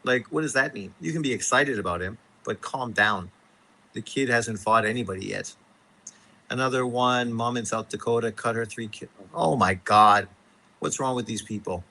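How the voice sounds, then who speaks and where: A man's voice: mid-range voice, normal speed, sharp tone, poor audio. A man hosting a boxing live stream, ranting casually with heavy profanity and exasperation. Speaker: boxing show host.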